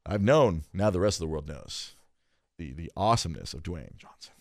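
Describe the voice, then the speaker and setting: A man's voice: low voice, expressive, a little fast, no echo. A man co-hosting a casual podcast chat, joking around and slipping into silly voices. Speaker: podcast co-host.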